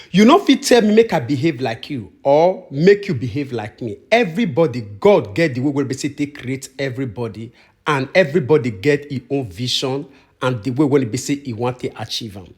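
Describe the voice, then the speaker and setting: Husky-voiced Nigerian Pidgin commentator, man. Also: medium pitch, very animated, normal speed, darkish tone. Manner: conversational, reasoning aloud. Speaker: channel host commenting on a clip. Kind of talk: casual video commentary.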